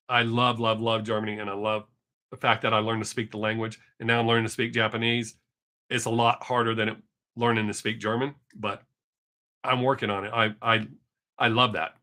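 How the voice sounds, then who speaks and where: A man's voice: lowish voice, pushed and bright. A man who hosts music reaction videos, talking casually and bluntly to his viewers. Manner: candid and blunt, speaks his mind. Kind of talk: casual chat to camera.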